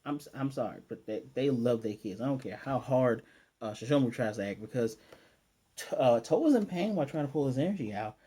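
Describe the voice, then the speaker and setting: A man in a casual anime review recaps an episode with eager, rambling enthusiasm. He restarts his sentences often and tosses in quick impressions of the characters. His voice stays warm and mellow throughout. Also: mid-range voice, animated, slightly rough.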